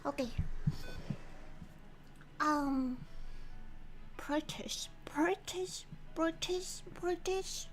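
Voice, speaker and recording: High-pitched woman streamer, giggly and chatty. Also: rough recording. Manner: chatty and giggly, thinking aloud with many restarts. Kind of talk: casual livestream commentary.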